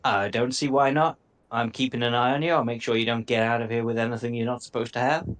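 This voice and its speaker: A man's voice: medium pitch, steady tone, fast talker, a bit bright, natural voice. A man voicing a watchful male lookout who slips into a cowboy drawl.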